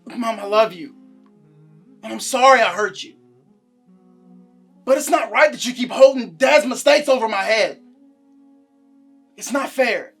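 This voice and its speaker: Man acting troubled young son, accusing, high bright voice, music underneath. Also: unhurried, long pauses, slightly rough, full character voice. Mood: pleading. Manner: pleading, then angry and accusing. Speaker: adult son.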